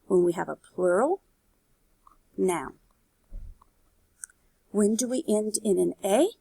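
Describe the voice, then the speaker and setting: Gravelly-voiced woman teaching Spanish. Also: medium pitch, lively intonation, slow, mellow, dry recording. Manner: explains step by step, checks in with "okay" and "right". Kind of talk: recorded video lesson.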